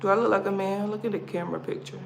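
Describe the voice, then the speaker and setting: A woman's voice: medium pitch, fairly even intonation, very fast, creaky. A woman from the States hosting a casual livestream, chatty and playful, laughing as she talks. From United States. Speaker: livestream host. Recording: roomy echo, background noise.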